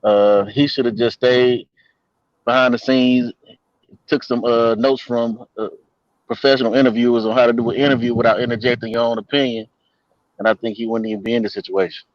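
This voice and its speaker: A man's voice: mid-range voice, flat delivery, a little fast, dry recording, muffled recording. A man on a debate panel, speaking plainly with casual slang.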